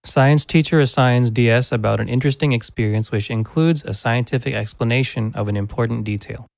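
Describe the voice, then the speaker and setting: Reading a prepared lesson, a man speaks in a mid-range voice that is creaky and a little mellow, with an earnest, reflective tone. The close studio condenser recording has no echo.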